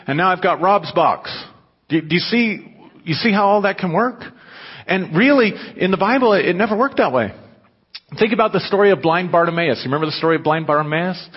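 Male pastor, sermon, high husky voice, conversational with loud emphatic bursts, dull recording, long church reverb. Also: a little fast. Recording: dull muffled audio with long hall reverb.

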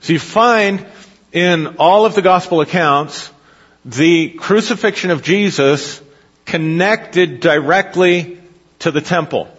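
A man's voice: fairly high pitch, slow pace, fairly bright tone, breathy edge. A man preaching a sermon, reading scripture aloud and explaining it, asking his listeners questions as he goes. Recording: dull hall recording with long reverb.

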